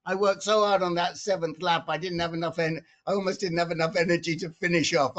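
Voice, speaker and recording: A man's voice: high-pitched, fairly even intonation, fast talker, a bit bright. A man on a group video call, telling a story with many restarts and repeated words. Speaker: support group member.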